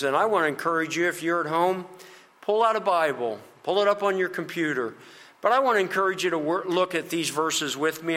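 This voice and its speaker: A man preaches a sermon in an earnest, gently encouraging way, leaning on slow, emphatic phrases. His voice sits a little high and rings bright and forceful. The sound carries a long reverb, like a church hall. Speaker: pastor.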